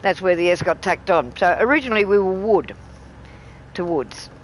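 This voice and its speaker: A woman's voice: on the low side, lively intonation, normal speed, a little hiss or hum, low-quality recording. Chatty middle-aged Australian woman. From Tasmania, Australia. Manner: chatty, rambling, laughs often. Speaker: live streamer. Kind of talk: casual live-stream chat.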